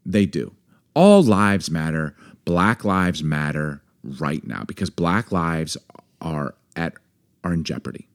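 A very deep, expressive male voice moves at a slow pace. The speaker, a podcast co-host in his forties, talks candidly and emphatically, his passion mounting into anger as he makes his case.

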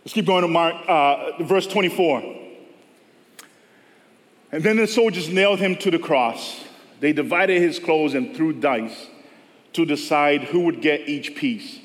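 A pastor with a slightly high voice preaches in an unhurried, conversational style with long pauses, impersonating the people he quotes during a church service. Long church-hall reverb colors the recording.

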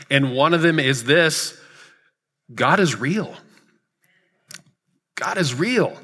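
A pastor in his thirties preaches a sermon in a church sanctuary, his voice a little high, bright and forceful. He tells a story earnestly and builds toward emphatic repeated lines, with the hall reverberating around him.

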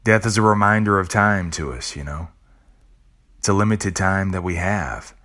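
A man's voice: low-pitched, moderate pace, a bit bright. A middle-aged man hosting a podcast, speaking an earnest, reflective monologue with casual swearing and restarts. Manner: earnest, with blunt casual swearing and repeated words. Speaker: podcast host.

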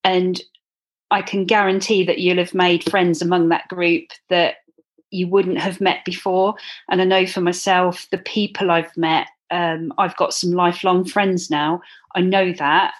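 Lady telling her story, sincere, um-ing a lot, lowish voice. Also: little pitch movement, unhurried. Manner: chatty, earnest, with many ums. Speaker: guest, club runner. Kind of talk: casual interview.

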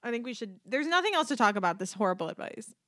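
A woman co-hosting a comedic advice podcast, quick to laugh as she chats. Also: on the high side, very animated, a bit bright. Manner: giggly, breaks into laughter often. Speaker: podcast co-host.

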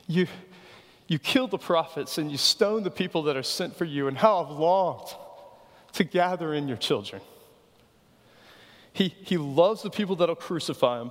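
A man's voice: on the high side, big-room sound. A man preaching a sermon as pastor, earnest and pleading, asking the congregation rhetorical questions.

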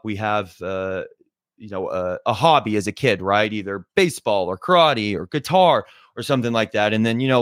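A man's voice: medium pitch, fairly bright tone, no room sound, studio quality. A young man hosting a podcast in casual interview style, friendly and upbeat, with lots of "you know" and "right". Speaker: podcast host.

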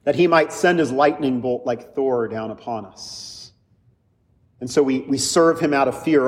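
A man's voice: mid-range voice, measured pace. A man preaching a sermon in a church, talking casually, joking and restarting his sentences. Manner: conversational, jokey, with many restarts. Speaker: pastor. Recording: hall reverb.

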